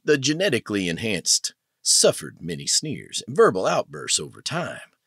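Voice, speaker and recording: Low husky guy narrating a cyberpunk audiobook, pitch swings all over, dry sound. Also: normal speed, dry recording. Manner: dramatic, expressive. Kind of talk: scripted narration.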